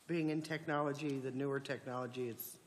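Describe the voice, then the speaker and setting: A man's voice: medium pitch, steady tone, brisk, big-room sound, a little hiss or hum. A man serving as county commissioner, talking conversationally at a public meeting and often repeating words as he starts. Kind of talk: casual talk at a public meeting.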